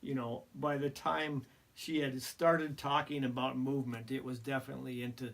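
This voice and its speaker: A man's voice: mid-range voice, little pitch movement, moderate pace, creaky, a bit bright. A man in his fifties telling a hunting story in casual conversation, laughing often and poking fun at himself. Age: 50s. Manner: laughs often, self-deprecating. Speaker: podcast co-host.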